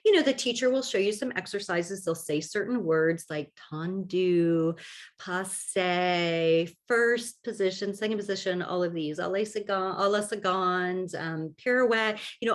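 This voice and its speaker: Woman podcaster, casual solo talk, lowish voice, very lively pitch, chatty, encouraging. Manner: chatty, self-deprecating, lots of "like" and "you know"; gently encouraging. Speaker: podcast host.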